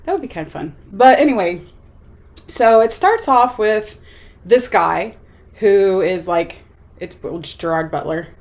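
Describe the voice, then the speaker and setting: Casual young woman vlogger, rambling movie recap, filler-heavy, mid-pitched. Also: lively intonation, unhurried, a little mellow. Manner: chatty, rambling, lots of "like" fillers. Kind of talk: casual chat.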